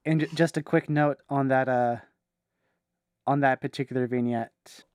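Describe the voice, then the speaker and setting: A man co-hosting a casual podcast chat, relaxed and quick to laugh. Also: medium pitch, clear, resonant tone. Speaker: podcast co-host.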